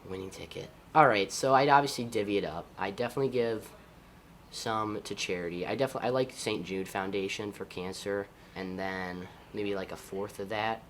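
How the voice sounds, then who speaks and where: A high school senior football player from Ohio with an Ohio accent, answering interview questions in an easygoing, upbeat way. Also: male voice, normal speed, a bit bright, slight background noise. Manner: upbeat, easygoing, laughs often.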